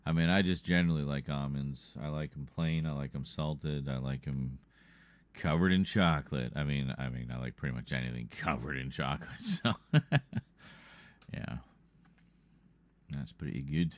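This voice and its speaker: A man's voice: a bass voice, fairly even intonation, moderate pace, no room sound. A man hosting a livestream in loose, rambling casual chat, often breaking into laughter. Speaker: livestream host.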